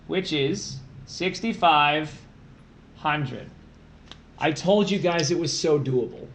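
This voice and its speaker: A man's voice: fairly high pitch, slow, a little hiss or hum. Upbeat male tutor in an echoey room. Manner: works through problems aloud, playful asides. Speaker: test prep tutor. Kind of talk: livestreamed math lesson. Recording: roomy echo.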